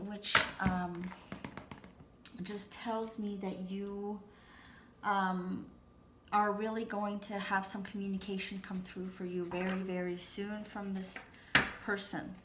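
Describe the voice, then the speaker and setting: A woman's voice: mid-range voice, a bit bright, a little hiss or hum. A woman giving a casual, reassuring tarot reading to her viewers at home, talking in a chatty way full of "you know" and "you guys". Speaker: tarot reader. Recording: echoey room.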